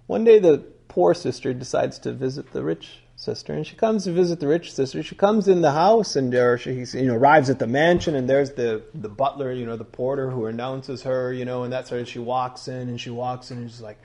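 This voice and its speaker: Husky, mellow-voiced male teacher. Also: medium pitch, fairly quick, hardly any pauses. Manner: conversational, digressive, quizzes listeners. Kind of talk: conversational sermon teaching.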